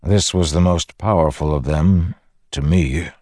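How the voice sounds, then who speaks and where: A man voicing a steady, earnest older warlord who speaks in a calm, measured way. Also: a bass voice, dry recording, clean studio sound.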